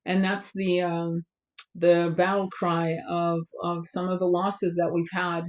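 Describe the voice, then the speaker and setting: A woman hosting a spiritual live stream, guiding a soft, slow meditation and then chatting loosely with many fillers. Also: lowish voice, monotone. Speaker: spiritual tarot channel host.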